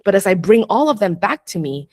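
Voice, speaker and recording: A woman's voice: mid-range voice, sing-song, brisk, a little mellow, no room sound. A young adult woman, a podcast guest and astrologer, chatting reflectively with lots of "like" and frequent laughter. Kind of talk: casual interview chat.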